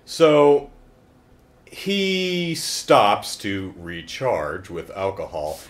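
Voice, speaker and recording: A man reviewing a bad horror film in a loose, joking way, full of wry asides and tangents. His pitch swings widely as he talks, lifting high for punchlines and dropping low for deadpan remarks. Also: unhurried. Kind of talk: casual comedic movie review.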